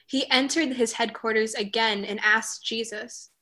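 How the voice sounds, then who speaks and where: A woman narrating a dramatized scripture reading in a clear, measured way. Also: fairly high pitch, fairly even intonation, bright, forceful tone.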